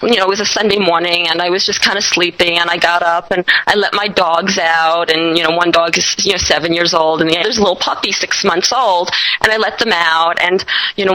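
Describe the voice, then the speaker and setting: A woman hosting an interview, telling a story in an animated way and laughing often. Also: lowish voice, low-quality recording. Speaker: host.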